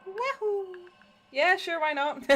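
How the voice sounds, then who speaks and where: A woman's voice: very high voice, pushed and bright. A young woman chatting casually with her viewers while she paints miniatures, swearing freely and talking straight to them. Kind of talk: casual livestream chat.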